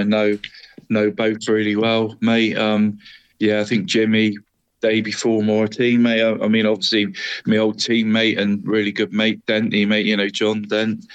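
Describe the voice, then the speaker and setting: A middle-aged man, co-hosting a football podcast in easy casual chat, laughing often and calling his friend "mate". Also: fairly low pitch. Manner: chatty, says "mate" constantly, laughs often. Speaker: podcast co-host.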